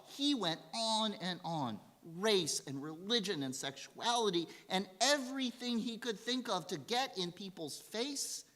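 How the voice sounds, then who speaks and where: A woman rabbi telling a story in a sermon, in an animated storytelling manner. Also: medium pitch, measured pace, hardly any pauses. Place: synagogue sanctuary. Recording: reverberant hall.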